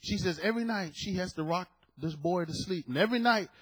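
A middle-aged man preaching from the pulpit, his voice high and bright with a husky edge. He tells a family story in hushed tones, then rises into loud shouted points. He acts out each person in the story with their own voice. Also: brisk. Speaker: pastor. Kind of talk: sermon with storytelling.

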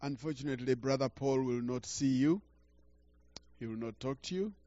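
An older man preaching a sermon through a story, halting and repeating words, swinging from quiet to loud. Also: mid-range voice, dull audio. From Uganda.

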